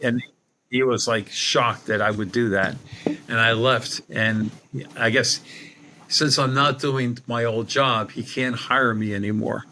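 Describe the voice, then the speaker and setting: A man's voice: medium pitch, fairly even intonation, takes it slowly, noisy background. An older man, a podcast guest telling a rambling anecdote with many restarts. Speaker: guest, psychic medium. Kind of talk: storytelling in a podcast interview.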